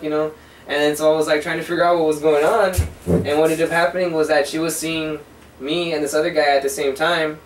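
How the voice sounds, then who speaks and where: A man's voice: fairly high pitch, fast. A man in his twenties telling rambling, profane stories in casual chat with a friend. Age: 20s. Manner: rambling, profane, animated retelling. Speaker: co-host. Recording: echoey room from far off, faint hiss.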